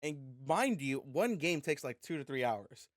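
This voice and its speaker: A man's voice: a little high, measured pace, dry recording. Young guy on a podcast, swears a lot, gets worked up telling stories, dry sound. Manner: animated storytelling with frequent profanity. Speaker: podcast co-host. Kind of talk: casual chat.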